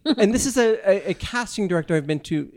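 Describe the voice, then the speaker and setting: A man's voice: sits high, animated, a little fast, a little mellow. A man in casual chat, telling a rambling story full of restarts and self-interruptions. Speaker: actor and podcast co-host.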